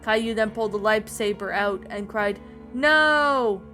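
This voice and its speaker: A woman with a mid-range voice narrates a creepypasta-style story in a level tone and at a brisk clip. She reads it aloud but keeps stumbling and starting over. Faint music plays behind her.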